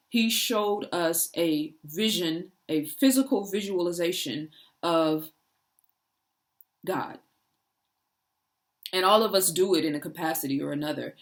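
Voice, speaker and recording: A woman giving an earnest inspirational talk, building through repeated rhetorical questions. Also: on the low side. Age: adult parent. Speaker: spiritual speaker. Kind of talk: inspirational monologue.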